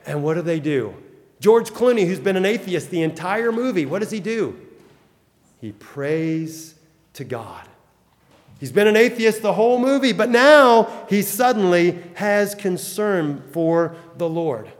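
Pastor guy telling a bible story casual-like, kinda high voice, long echo from the church hall. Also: lively intonation, a little slow. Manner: conversational storytelling, repeats words when thinking. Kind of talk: sermon.

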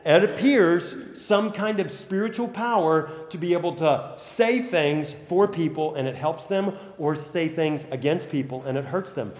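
A man preaching a sermon in a conversational storytelling way, sometimes repeating words as he thinks. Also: sits high. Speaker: pastor. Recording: long hall reverb.

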